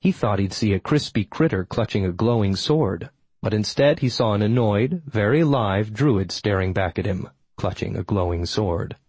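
Male audiobook narrator, first-person fantasy, wry and sardonic, low-ish husky voice, dry studio sound. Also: lively intonation, moderate pace, darkish tone, dry recording, poor audio.

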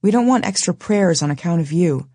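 A woman's voice: fairly low pitch, lively intonation, fairly quick, warm tone, no echo, clean studio sound. A woman doing a prim, scolding young woman.

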